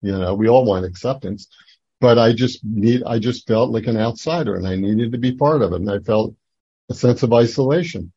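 An older man from New Jersey giving a personal testimony at a recovery meeting, rambling and halting with many fillers and restarts. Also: medium pitch, warm tone, breathy edge, dull audio. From Atlantic City, New Jersey.

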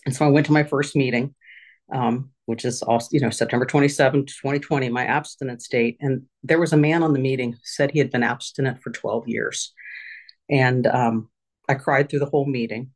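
A woman's voice: rumbling low, fairly even intonation, a little mellow. Candid middle-aged woman sharing her recovery. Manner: candid, halting, many fillers and restarts. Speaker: recovery meeting speaker. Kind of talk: personal recovery share at a support meeting. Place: her home office.

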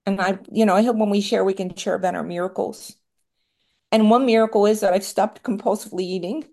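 Woman, middle-aged, candid personal share, rambling, self-deprecating, tearful at times, medium pitch. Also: normal speed, warm tone. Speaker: recovery meeting speaker. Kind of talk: personal share at a support meeting.

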